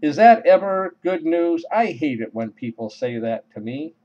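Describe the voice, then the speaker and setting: A man telling a humorous personal story with wry, deadpan comic timing. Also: fairly high pitch, moderate pace. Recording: dull lo-fi recording.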